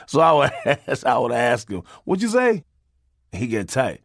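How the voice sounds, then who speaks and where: A man telling comic family stories in a profane, animated way. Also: medium pitch, measured pace, vocal fry, no room sound, studio quality. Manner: profane, animated, laughs often.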